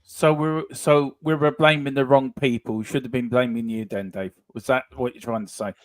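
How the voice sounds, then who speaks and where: A man on a fan panel talking football in a casual, animated way, stressing his points and repeating phrases. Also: mid-range voice, normal speed, no room sound.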